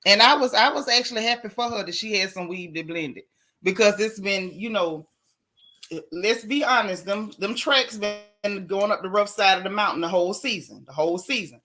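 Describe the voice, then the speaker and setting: A middle-aged woman, host of a live gossip stream, chatting in a sassy, animated, colloquial way. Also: mid-range voice, normal speed. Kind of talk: casual gossip chat, greeting live chatters.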